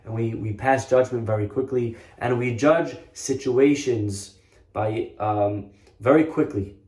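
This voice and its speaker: In an unhurried, mellow, mid-range voice, a male rabbi tells stories in an earnest sermon, driving points home through repetition. A roomy echo fills the recording.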